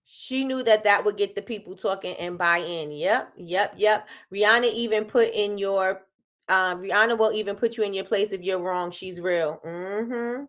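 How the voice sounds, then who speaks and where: A woman's voice: mid-range voice, normal speed. A woman hosting a casual livestream, talking business with lots of repetition and reading out chat comments. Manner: animated, repeats phrases, reads chat aloud. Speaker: livestream host.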